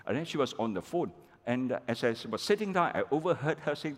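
A middle-aged man preaching a sermon, animated and chatty, peppering his telling with "okay" and "all right" to the congregation. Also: medium pitch, quick pace. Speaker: pastor. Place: large church hall. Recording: long reverb of a church hall.

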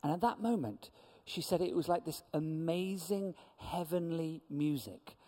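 A man with a slightly raised voice telling a church testimony story. He acts out the people in his story with lively shifts. His voice rings out in a long hall reverb. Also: a little high, measured pace, few pauses. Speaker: church speaker.

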